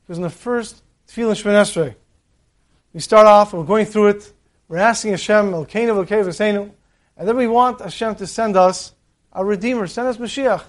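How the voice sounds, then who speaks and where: Guy a high voice giving a torah talk, tells stories and acts out the voices. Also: fairly quick.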